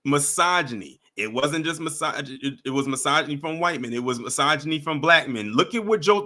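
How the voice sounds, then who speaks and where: A man hosting a livestream, giving animated, mocking reaction commentary and chatting with his viewers. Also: on the high side, normal speed. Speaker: livestream host.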